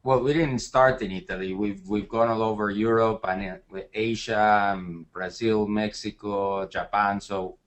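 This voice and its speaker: A man answering interview questions as an entrepreneur, calm and matter-of-fact. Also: fairly low pitch, unhurried, few pauses. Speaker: entrepreneur guest.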